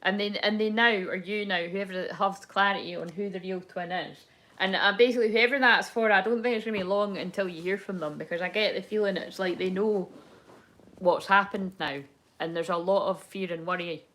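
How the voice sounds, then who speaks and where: A young adult woman gives a casual tarot reading, rambling candidly, swearing freely and laughing often. Her mid-range voice is a bit bright and brisk, with fairly even intonation.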